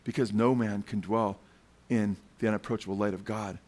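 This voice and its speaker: A man's voice: lowish voice, steady tone, normal speed, a little mellow. A male preacher giving a fervent sermon. He keeps calling his listeners "man" and puts questions to the crowd.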